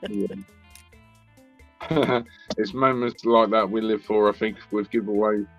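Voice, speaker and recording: Male co-host, casual banter, quick to laugh, muffled stream audio. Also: fairly low pitch, fairly even intonation, fairly bright tone, faint music behind. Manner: laughs easily, teasing. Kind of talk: casual chat on a live stream. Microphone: remote guest link.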